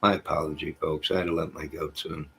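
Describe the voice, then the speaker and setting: A man's voice: a bass voice, flat delivery, fast talker, creaky, pushed and bright, slight background noise. A man hosting a casual livestream from home, joking and teasing viewers by name as he reads the chat. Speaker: livestream host reading chat. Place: at home with goats nearby.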